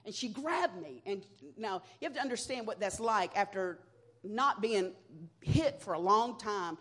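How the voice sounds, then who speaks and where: A woman sharing her personal testimony at a church evening, telling her story with emotion, dropping to a hush and then rising loud as she acts out what people said. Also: fairly high pitch, expressive, moderate pace. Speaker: guest speaker sharing a testimony.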